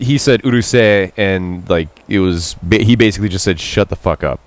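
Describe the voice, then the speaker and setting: A man streaming a Japanese game, reading out the characters' lines and translating them in a chatty, self-mocking way, jumping up in pitch to quote and dropping low for asides. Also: fairly quick. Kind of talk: casual live-stream commentary.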